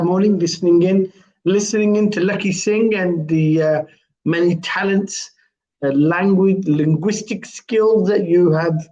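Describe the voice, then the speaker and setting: A high-pitched man hosts a live morning stream, rambling along with lots of ums and uhs. The sound is muffled and lo-fi, like a web call. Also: darkish tone. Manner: rambling, with many fillers. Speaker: host. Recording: dull lo-fi live stream audio.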